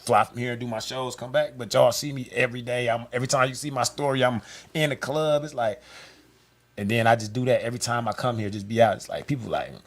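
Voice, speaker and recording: A man in casual chat, telling stories with lively energy and acting out other people's voices. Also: medium pitch, fast. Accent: Milwaukee, US. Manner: animated storyteller, acts out voices with laughter. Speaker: guest rapper.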